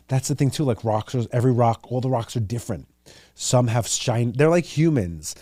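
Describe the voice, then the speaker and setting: A young man hosts his own podcast alone, thinking out loud in a loose, rambling way full of "like" and "you know". His voice is dark and mellow, recorded close and dry. He is earnest and openly emotional about his ideas. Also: mid-range voice, dry recording. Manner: earnest, gets emotional and teary. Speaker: podcast host. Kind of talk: casual solo podcast musing.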